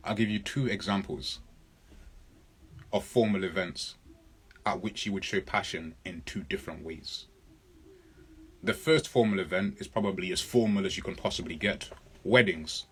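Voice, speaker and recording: A man leads a live public speaking lesson, working through viewer questions. His voice sits low and sounds husky, and he hits key words hard and repeats his points. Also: normal speed, long pauses. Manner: emphatic, answers viewer comments, repeats points.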